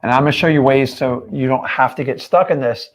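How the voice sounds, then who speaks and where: A man's voice: medium pitch, fairly even intonation, fairly quick. A man coaching his viewers on a live stream, talking straight at them in an emphatic, direct way. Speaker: real estate coach.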